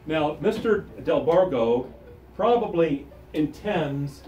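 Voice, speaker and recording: A man's voice: fairly high pitch, expressive, takes it slowly, warm tone, muffled recording, faint music behind. A man teaching a string class, drilling terms with call-and-response and counting the players in. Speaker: music teacher. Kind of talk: classroom instruction. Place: school music room with string ensemble. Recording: echoey room, recorded from far off, strings playing.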